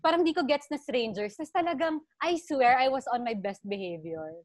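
A woman's voice: high-pitched, expressive, brisk, no room sound, clean studio sound. Chatty Filipino woman telling a story. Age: 30s. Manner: chatty storyteller, mixes Tagalog and English. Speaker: podcast co-host. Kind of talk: casual chat.

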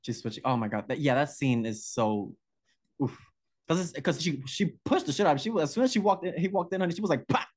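A man's voice: fairly high pitch, expressive, fast. A male podcast co-host chatting about horror films, effusive and gushing, often breaking off mid-sentence.

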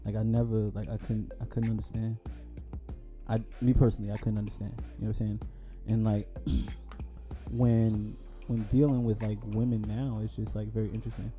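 A man's voice: fairly low pitch, little pitch movement, moderate pace, mellow, faint music behind. A man co-hosting a casual podcast chat, telling dating stories in loose slang and acting out the quoted lines. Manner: laid-back slang storytelling, acts out quoted dialogue. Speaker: podcast co-host.

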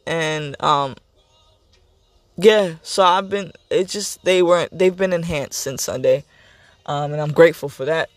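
Speaking at normal speed in a dry recording, a young man whose voice runs on the high side hosts a podcast. It's a candid, casual personal monologue where he rambles, circles back to the same things, and becomes emotional.

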